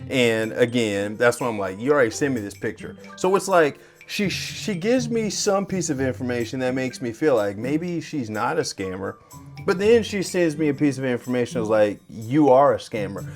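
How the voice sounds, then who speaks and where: A man who works in cybersecurity, telling a scam story to his viewers in a lively way. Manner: lively, swings pitch and loudness when acting out chats. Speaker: cybersecurity vlogger. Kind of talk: animated storytelling to camera.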